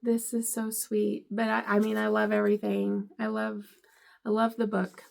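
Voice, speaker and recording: A woman's voice: medium pitch, monotone, moderate pace, creaky. A middle-aged woman vlogger unboxing gifts, gushing and teary with emotion. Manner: gushing, emotional, tearful at times. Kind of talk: casual unboxing vlog.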